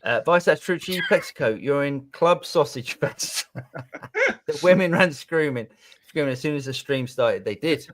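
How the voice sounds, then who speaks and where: Male co-host, lively up-and-down delivery, reads chat aloud, casual. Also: fairly high pitch, normal speed. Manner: chatty, reads out viewer comments. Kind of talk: casual live podcast chat.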